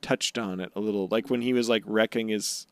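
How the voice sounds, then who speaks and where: A young man co-hosting a podcast in casual chat, animatedly recapping scenes and slipping into high silly voices for the characters. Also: fairly even intonation, brisk, clean tone, dry recording. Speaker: podcast co-host.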